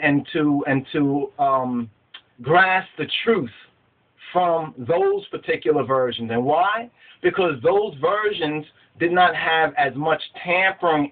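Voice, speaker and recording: A man giving a spiritual teaching, emphatic and repetitive, asking his listeners rhetorical questions. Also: on the high side. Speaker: religious teacher. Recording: phone-like narrow sound.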